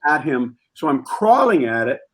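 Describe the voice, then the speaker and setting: A man telling an animated anecdote as a guest on a comedy talk show, acting out the scenes as he goes. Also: medium pitch, moderate pace.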